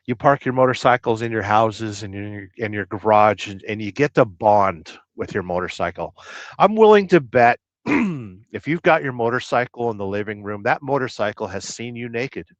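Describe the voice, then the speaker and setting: A man hosting a livestream, chatting casually and reading viewer comments with rambling, deadpan jokes. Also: on the low side, normal speed, dry recording. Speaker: livestream host. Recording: dull lo-fi dry sound.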